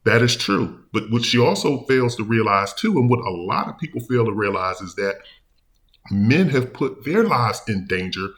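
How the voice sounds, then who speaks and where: A man hosting a reaction commentary, talking in a rambling, halting way with many fillers and restarts. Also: fairly low pitch, expressive, fairly bright tone. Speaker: commentary channel host.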